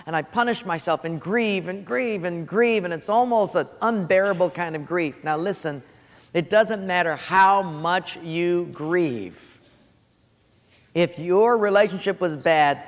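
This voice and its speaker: A man's voice: high-pitched, unhurried. A man preaching a sermon to a live congregation, emphatic and repeating phrases for stress. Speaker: pastor. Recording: long hall reverb.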